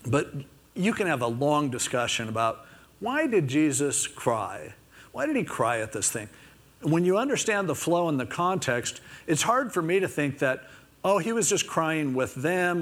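A man preaches in a loose, conversational way, talking through scripture like a story told to friends. His voice sits a little on the high side, and he drops into small character voices when quoting people. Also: a bit bright. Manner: casual, acts out quotes in little voices. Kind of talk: conversational sermon.

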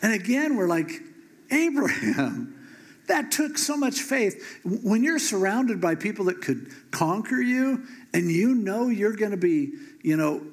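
A man's voice: high voice, creaky. A man preaching a sermon, retelling a Bible story in a casual, joking way.

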